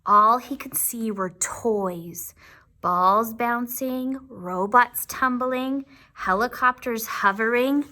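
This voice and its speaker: Teacher reading aloud to little kids, slow and very expressive, bright voice. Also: female voice, on the high side. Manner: slow, expressive, with asides to the children. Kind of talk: reading a picture book aloud to young children.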